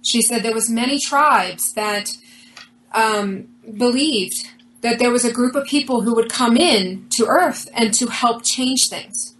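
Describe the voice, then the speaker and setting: Earnest, higher-voiced woman telling her story. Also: a little slow, a little hiss or hum, rough recording. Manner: earnest, animated retelling with quoted dialogue. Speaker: interview guest. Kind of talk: personal storytelling in an interview.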